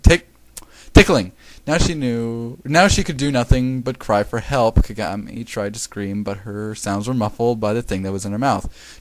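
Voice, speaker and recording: Young guy reading a story out loud, trips over words, cusses a lot, flat dead room. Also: mid-range voice, no echo, low-quality recording. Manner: stumbling, laughing asides, swearing. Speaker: amateur reader. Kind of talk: reading fanfiction aloud.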